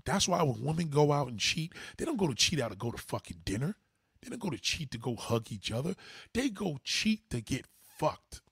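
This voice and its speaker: A man's voice: very animated, fairly quick, vocal fry, fairly bright tone, slightly rough, no echo. A man hosting a livestream, giving blunt, profane advice to his viewers in a casual, preachy way. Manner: mimics others in higher pitch. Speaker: livestream host.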